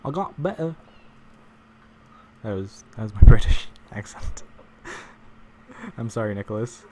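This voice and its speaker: A man's voice: fairly low pitch, little pitch movement, unhurried, noisy background. A man live-streaming a game, chatting casually with viewers, joking and rambling with frequent chuckles.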